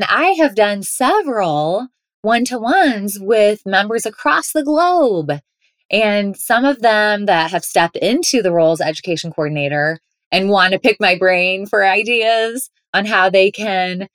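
A woman's voice: medium pitch, animated, a little slow, a bit bright, dry recording, studio quality. A woman guest on a podcast interview, talking in an upbeat, playful way. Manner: upbeat, playful, laughs often. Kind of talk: interview, conversational.

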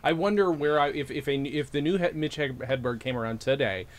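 A man's voice: medium pitch, fairly quick. A man from upstate New York hosting a podcast, chatting casually, laughing often and poking fun at himself. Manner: animated, laughs often, self-deprecating. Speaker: podcast host.

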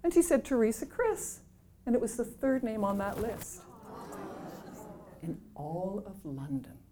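A middle-aged woman from Canada tells a self-deprecating anecdote with plenty of laughter. Her pitch rises and falls widely as she acts out the people in her story. A faint hiss of noise sits under the recording. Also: mellow. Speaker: author telling a story to an audience.

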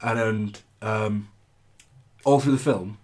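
A man's voice: fairly low pitch, slow pace, a little mellow. A man, co-hosting a podcast in casual chat, blunt and teasing. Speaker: podcast co-host.

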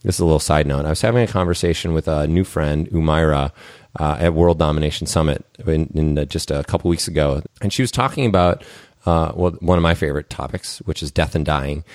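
A man's voice: extremely low pitch, quick pace, darkish tone, no echo, clean studio sound. A man hosting a podcast conversation, thinking aloud in a reflective way with many fillers. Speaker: podcast host. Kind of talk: conversational interview.

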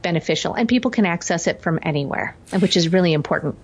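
A woman guest speaking as a vocal coach in an interview, warm and emphatic. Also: on the low side, animated, fast talker, husky. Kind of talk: interview talk. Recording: dull lo-fi audio.

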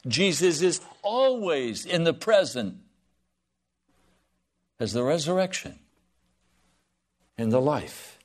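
A man preaching a sermon to a congregation, swinging from loud pleading to soft, hushed lines. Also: fairly high pitch, very animated, slow pace, pauses often.

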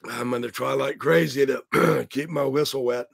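A hoarse man with a rough, raspy voice hosting a casual live stream, joking around and greeting his viewers by name. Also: mid-range voice, fairly even intonation, normal speed, dry recording, clean studio sound. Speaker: livestream host.

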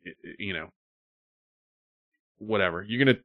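A man's voice: low voice, normal speed, phone-quality sound. A male podcast host telling stories in casual chat and acting out quotes with animation. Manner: animated storytelling, acts out quotes.

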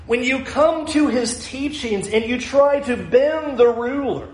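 A man preaching a sermon as pastor, animated, acting out imagined people with playful asides. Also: sits high, reverberant. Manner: animated, acts out imagined speakers.

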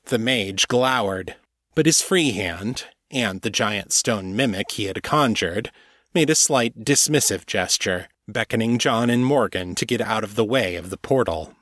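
Low-voiced man narrating fiction. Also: measured pace, fairly bright tone, no room sound, studio quality. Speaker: audiobook narrator.

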